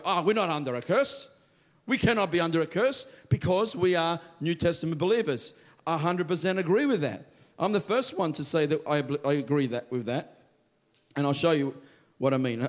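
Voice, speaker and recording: A man preaching a sermon as pastor, telling stories with lively quoted voices. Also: fairly high pitch. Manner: animated storytelling, acts out quoted voices. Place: church.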